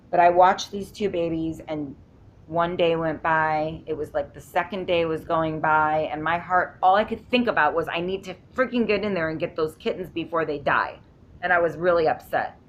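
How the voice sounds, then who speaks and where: Low-voiced woman rambling through a story at home, tired, faint rumble behind. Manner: rambling, emphatic, self-interrupting. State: sleep-deprived. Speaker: vlogger. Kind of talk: casual storytelling vlog.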